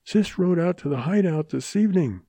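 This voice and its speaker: A man's voice: high voice, lively intonation, moderate pace, dark tone, no echo, voice pushed up. A man voicing a feverish, wounded young cowboy who speaks weakly in a western audiobook. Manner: weak, strained.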